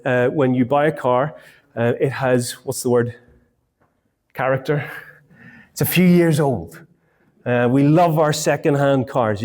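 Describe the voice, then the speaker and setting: A man's voice: on the high side, darkish tone. A man, telling a humorous personal story in a sermon.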